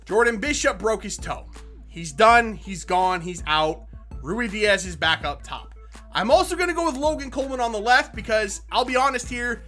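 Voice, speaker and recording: A man narrates his own football video game match as he plays it. His voice is bright and edgy, and his pitch swings widely, dropping to low frustrated mutters before he shouts out at big moments. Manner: excitable, shouts at goals and bad calls; frustrated muttering between outbursts. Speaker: gaming YouTuber. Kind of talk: live gameplay commentary.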